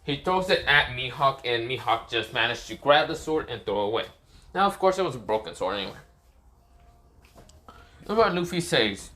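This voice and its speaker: A man's voice: medium pitch, expressive, normal speed, pauses often, pushed and bright. A young man casually narrating a fan story, rambling with swearing and frequent restarts.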